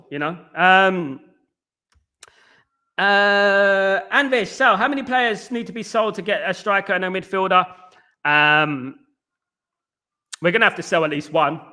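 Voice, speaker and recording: On a relaxed football fan livestream, a Northern English host chats his way through viewer comments. His high voice comes across bright and forceful, and he repeats words and shout-outs over and over.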